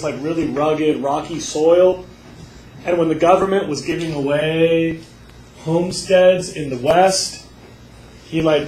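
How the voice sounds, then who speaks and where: A male teacher giving a lively classroom lecture, telling stories and acting out voices. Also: on the high side, recorded from a distance. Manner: animated storyteller, acts out voices. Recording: echoey classroom with faint noise.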